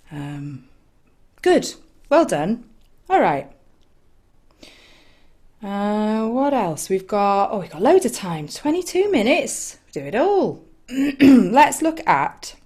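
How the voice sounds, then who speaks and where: A woman with an English accent leading an online singing session from home, gentle and encouraging, with reflective mindful asides. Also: mid-range voice. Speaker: choir leader.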